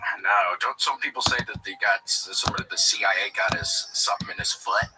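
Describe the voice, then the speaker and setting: A man's voice: deep voice, brisk. A man in casual podcast banter, telling rambling, self-mocking stories. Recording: noisy livestream audio.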